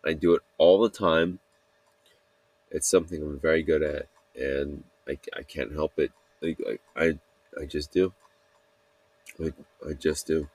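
Low, slow, rambling male podcaster. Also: fairly even intonation, darkish tone. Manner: halting, full of fillers and restarts, self-critical. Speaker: podcast host. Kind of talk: rambling solo podcast monologue.

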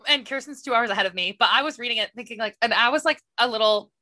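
A young woman co-hosting a casual book podcast, animated, with blunt quips. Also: a little high, fast talker, dry recording. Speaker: podcast co-host.

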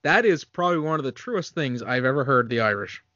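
A man's voice: mid-range voice, sing-song, brisk, bright, forceful tone, no room sound, lo-fi sound. A man co-hosting a casual movie review chat, joking with sarcastic asides. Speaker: podcast co-host.

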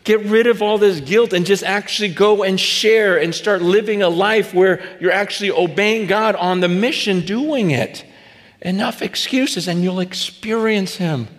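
A man preaching a sermon in a conversational storytelling way, full of fillers and restarts, acting out dialogue and sometimes rising to shouts. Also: high-pitched, a little slow. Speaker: pastor. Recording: reverberant hall.

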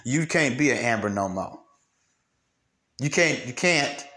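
A man's voice: mid-range voice, animated, a little slow, pushed and bright. A young man hosting solo commentary, blunt and profane, ranting with mocked quotes. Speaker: commentary host.

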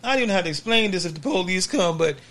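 Hosting a podcast, a man from California spins casual stories in slang, chuckling as he goes and often saying "you know what I'm saying." His voice sits high and is expressive, very fast and a little bright.

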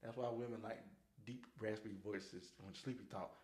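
A man's voice: fairly low pitch, moderate pace. A man hosting a podcast, telling stories in a casual, slangy way, laughing often and acting out what people said. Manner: animated, slangy, laughs often, acts out quotes. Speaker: podcast host. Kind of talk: casual storytelling chat. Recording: echoey room.

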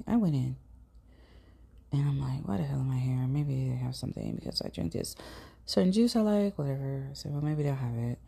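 A woman's voice: sits low, gravelly, dark tone, slightly rough. A woman with a St. hosting a podcast, telling a personal story in a chatty, casual way, swearing now and then and sometimes dropping to a whisper. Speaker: podcast host.

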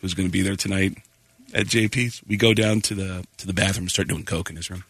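A man's voice: low-pitched, fast talker, vocal fry, slightly rough, no echo. A middle-aged man from Arizona, a comedian guest telling wild stories in casual podcast chat and acting out the voices. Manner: animated, acts out voices in his stories.

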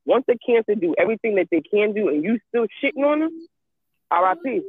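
A woman's voice: mid-range voice, very animated, fairly quick, slightly rough, no room sound. A woman in casual chat who talks emphatically, repeats herself, and swears freely. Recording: tinny phone-like line.

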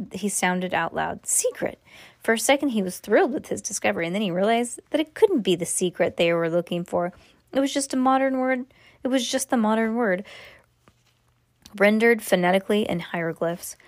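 Woman reading aloud at bedtime, unhurried and expressive, dry close sound. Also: medium pitch, dry recording. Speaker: parent reading a bedtime story to children. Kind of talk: bedtime story read aloud. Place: home at bedtime.

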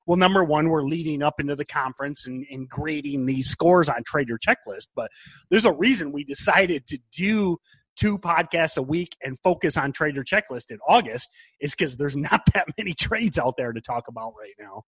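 A man's voice: a little high, animated, normal speed, fairly bright tone, breathy edge, no echo. A man hosting a podcast, giving emphatic trading advice in casual chat. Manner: emphatic, advising. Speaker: podcast host, trading mentor.

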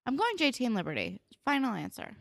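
A woman's voice: fairly high pitch, wildly swooping pitch, fast talker, gravelly, fairly bright tone, dry recording, studio quality. A woman casually recapping a TV episode as a podcast co-host, chatty and full of fillers, often acting out characters' lines.

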